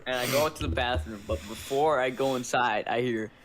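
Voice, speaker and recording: A man's voice: medium pitch, background noise. A young man telling a school story in casual chat and giggling as he goes. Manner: slow-spoken, giggling storyteller.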